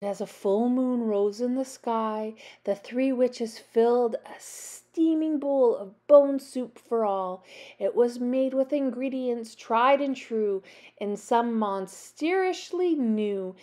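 A woman from Canada reads a children's storybook aloud at an unhurried, deliberate pace. Her voice is mellow and soft-edged, and she gives each line expressive color. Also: a little high. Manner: slow, expressive reading. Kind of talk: children's book read-aloud.

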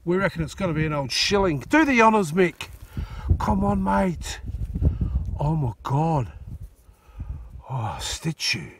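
Excitable, jokey Australian vlogger outdoors; high, bouncy voice. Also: male voice, measured pace, long pauses, slight background noise. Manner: excitable, jokey, laughs often. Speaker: metal detecting vlogger. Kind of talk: casual outdoor vlog chat. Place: outdoors in a paddock.

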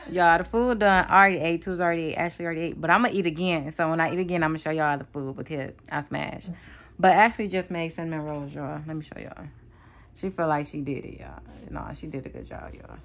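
A woman's voice: lowish voice, fairly bright tone. A young woman vlogging from home, chatting to viewers in a casual, talkative way and calling them y'all. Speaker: vlogger mom. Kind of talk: casual home vlog talking to camera. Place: home kitchen and living room.

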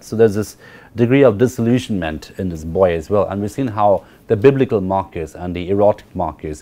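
His voice sits low and sounds mellow as he delivers a university literature lecture. He goes into lengthy explanation, repeats important phrases, and frequently checks understanding with "right?"

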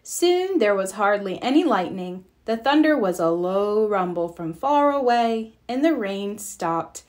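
A woman reading a children's picture book aloud with expressive storytelling. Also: mid-range voice, a little slow. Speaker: storybook reader. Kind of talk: children's read-aloud narration.

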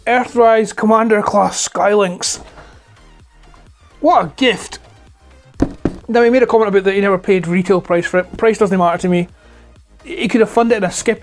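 A man in his forties with a Scottish accent, chatting casually to camera about toys at home on a clip-on mic, his voice hoarse and close to breaking, rambling and swearing freely. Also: high-pitched. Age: 40s. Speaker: toy collector vlogger. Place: at home indoors. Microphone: clip-on lapel mic.

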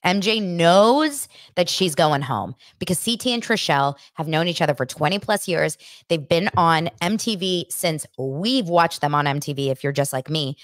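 A woman in her thirties hosts a chatty podcast in a fairly low voice, recorded dry and close with no room sound. She tells stories excitedly and acts out other people's lines. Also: normal speed, few pauses, dry recording. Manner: excitable, animated retelling with acted-out quotes. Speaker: podcast host. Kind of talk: casual chat recapping reality TV.

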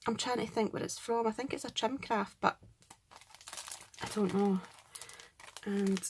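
Unboxing gifts for her craft channel, this woman from Scotland chats to the camera, gushes over every item, and warmly thanks each sender. She speaks in a mid-range voice with a steady tone and measured pace, and there's slight background noise.

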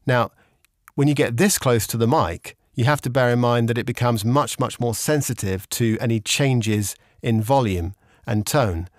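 Guy explaining mic stuff, relaxed, lots of ums, dry studio sound. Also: medium pitch, normal speed, few pauses, dry recording. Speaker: instructor. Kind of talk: casual instructional explanation. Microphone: studio condenser microphone with pop shield.

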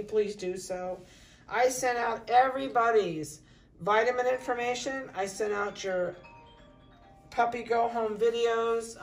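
A middle-aged woman dog breeder in a casual puppy update, cooing softly to the litter and giving brisk practical notes to buyers. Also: medium pitch, recorded from a distance. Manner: coos softly to puppies, then gives brisk practical notices to buyers.

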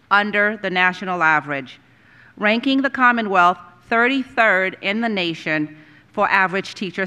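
A woman on a school board reading a formal resolution aloud, then speaking to her motion in a measured way. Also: medium pitch, pushed and bright, clean tone.

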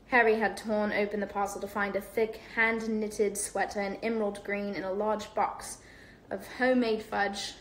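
A woman's voice: medium pitch, moderate pace. Young woman reading aloud, roomy echo. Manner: relaxed, stumbles and laughs at her own misreads. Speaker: host. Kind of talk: casual storybook read-aloud on a livestream. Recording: echoey room.

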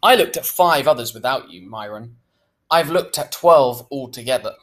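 A man's voice: medium pitch, animated, moderate pace, fairly bright tone, lightly acted. A man reading aloud, voicing a mother who dryly corrects her husband.

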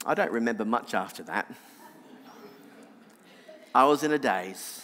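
Nasal Australian preacher, reverberant church. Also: male voice, measured pace. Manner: animated anecdotal, drops soft and low for reflection. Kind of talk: sermon storytelling.

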